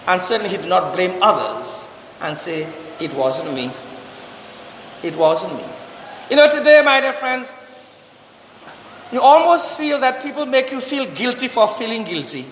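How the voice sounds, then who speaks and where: A priest preaching a sermon, asking repeated rhetorical questions and drawing out slow, emphatic commands. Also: male voice, very high voice, sing-song, a bit bright, reverberant, in a large hall, a little hiss or hum, poor audio.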